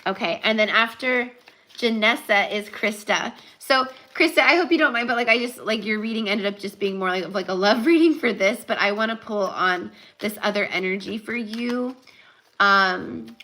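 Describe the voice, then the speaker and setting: A young woman with a bright, forceful voice talks through a live tarot reading. She rambles casually, full of "like" and "um", then slows right down to press a spiritual point home. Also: medium pitch, rough recording. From California. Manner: chatty, rambling, many fillers and "like". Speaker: tarot reader.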